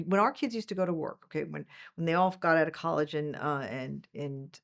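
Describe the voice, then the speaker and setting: A woman in her sixties, a management professor, telling stories in an interview and acting out quotes with big jumps in pitch. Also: fairly quick, gravelly, hardly any pauses. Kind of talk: conversational interview.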